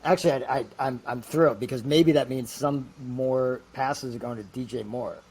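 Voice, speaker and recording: Male guest storyteller, loose and rambling, average pitch. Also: steady tone, darkish tone, husky. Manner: halting, full of fillers and restarts. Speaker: guest actor. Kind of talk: casual storytelling.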